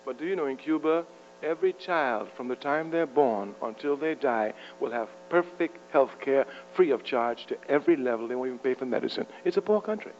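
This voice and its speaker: A man's voice: mid-range voice, expressive, brisk. A man delivering an impassioned political speech to university students, rhetorical and fiery, chuckling at his own jokes. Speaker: public speaker addressing university students. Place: university lecture hall. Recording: muffled archival tape with mains hum.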